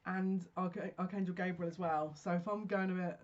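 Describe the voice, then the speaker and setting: A speaker giving a solo psychic reading, talking slowly and haltingly as if receiving messages. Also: medium pitch, steady tone, darkish tone, dull audio. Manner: slow, searching, stop-start channeling talk. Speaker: psychic tarot reader. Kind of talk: solo general reading to camera.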